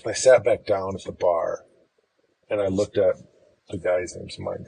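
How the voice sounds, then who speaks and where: A man's voice: low voice, little pitch movement, normal speed, vocal fry, darkish tone, a little hiss or hum, poor audio. A man from Chicago, a podcast guest, telling a personal story in an easygoing, rambling way.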